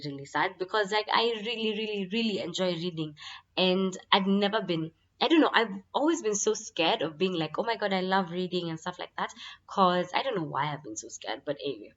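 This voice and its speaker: A woman's voice: fairly low pitch, fairly bright tone. A woman chatting through a casual monthly update vlog, her voice a bit congested from a lingering cold, repeating words for emphasis. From Kenya. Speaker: vlogger. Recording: slightly dull lo-fi audio.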